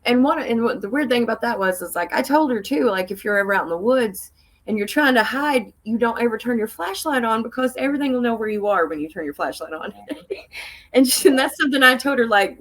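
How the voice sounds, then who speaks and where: A woman's voice: a little fast, low-quality recording. A woman, a podcast guest telling a story casually, laughing often and acting out what people said in a raised voice. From Tennessee. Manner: animated, laughs often, acts out quoted voices in a higher pitch.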